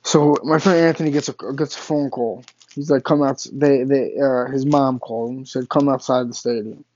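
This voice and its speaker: A man's voice: medium pitch, steady tone, normal speed, darkish tone, highs cut off. A man, casually telling a personal story, swearing often and stumbling over restarts. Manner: profane, rambling, frequent restarts and stammers.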